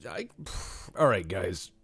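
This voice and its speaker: A man streaming a naval strategy game talks slowly in a low, very animated voice that's a bit bright with a breathy edge. His casual live-stream commentary is playful and rambling, full of jokey asides to his chat.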